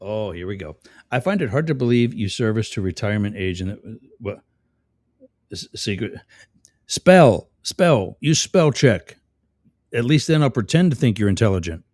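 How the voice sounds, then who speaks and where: A man's voice: fairly low pitch, lively intonation, a little fast, darkish tone, no echo, studio quality. A man hosting a live stream, reading chat comments aloud and mocking the commenters sarcastically. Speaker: livestream host.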